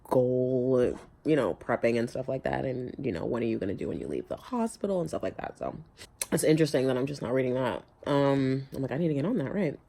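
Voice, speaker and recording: A woman's voice: a bass voice, lively intonation, fairly quick, vocal fry, mellow. A young woman vlogging about her own life, candid and often close to tears, trailing off and laughing through it. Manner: tearful, breaks off mid-sentence, laughs through tears. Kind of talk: emotional personal vlog.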